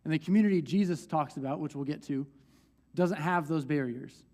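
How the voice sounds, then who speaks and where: A man's voice: a little high, a little fast, darkish tone. A young man pastor teaching a church group from the stage in a conversational way, with restarts and light laughs.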